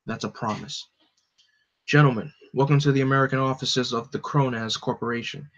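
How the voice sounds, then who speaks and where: A man's voice: mid-range voice, fairly even intonation, fairly quick, fairly bright tone, natural voice. A man reading the part of a cold, threatening male corporate villain. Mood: cold threat. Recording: dull lo-fi recording.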